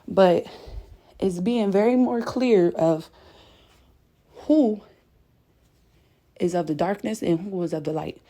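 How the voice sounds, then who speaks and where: A woman's voice: medium pitch, takes it slowly, pauses often, dark tone. A woman giving an impassioned spiritual message, emphatic and preachy, a little breathless as she paces, often turning to her viewers with "y'all" and "okay?". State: breathless from pacing. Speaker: spiritual content creator. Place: indoors at home, late at night.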